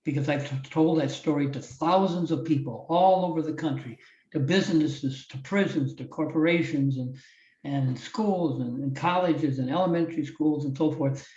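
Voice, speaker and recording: With a fairly high, darkish voice at normal speed, an older Iowan guest on a podcast, a onetime wrestling champion turned motivational speaker, tells an emotional story and frequently starts over. The sound is distant, roomy, and a bit muffled.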